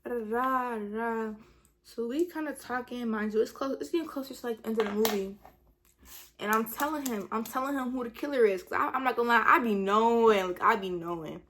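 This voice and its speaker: Woman vlogger, casual storytime, slangy and filler-heavy, animated delivery. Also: a little high, brisk, slight background noise.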